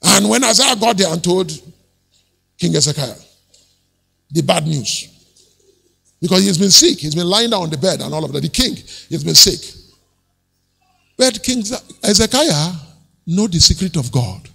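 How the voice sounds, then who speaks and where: A male pastor preaching a sermon, rising to shouted peaks and dropping low again. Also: expressive, moderate pace, vocal fry, pauses often, husky, in a large hall. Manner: preaching with shouted peaks and sudden drops to near-whisper.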